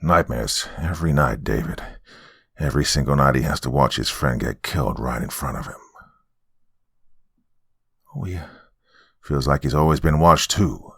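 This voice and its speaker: A man's voice: animated, moderate pace, gravelly, pauses often, a bit bright, breathy edge, no echo, studio quality, heavily acted. A man voicing a stern older grandfather who speaks bluntly and moodily. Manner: low, blunt and moody.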